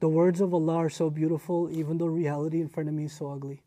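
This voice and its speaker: A man's voice: on the high side, little pitch movement, quick pace. Earnest man giving a Quran lecture. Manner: earnest, emphatic, swings from hushed to forceful. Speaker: Islamic teacher.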